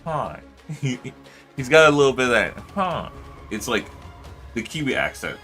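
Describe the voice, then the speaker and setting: A man's voice: mid-range voice, big pitch swings, moderate pace, sharp tone, faint music behind. A man streaming and chatting casually, rambling with lots of fillers and loose swearing. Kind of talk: casual livestream chat.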